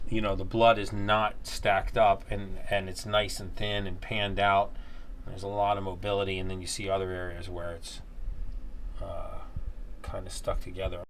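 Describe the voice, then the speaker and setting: A low-pitched man explains at an easy pace, his words slightly thick from the gauze in his mouth and his numb tongue. A faint hum of ambience sits behind him. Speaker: host, patient after tooth extraction. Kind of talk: casual explanation at a microscope.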